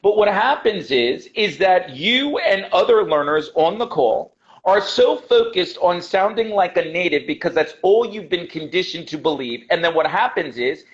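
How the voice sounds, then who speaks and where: A high-voiced American man, an English teacher, gives a passionate interview over video call, stressing and repeating his points. He calls the host "brother" and sounds animated at a normal speed, though the lo-fi call audio is dull.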